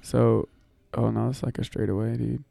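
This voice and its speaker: A man co-hosting a casual podcast, chatting in a relaxed way and hedging his points. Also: medium pitch, moderate pace, creaky. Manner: relaxed, hedging, talks over others. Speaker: podcast co-host. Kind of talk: casual chat. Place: podcast studio.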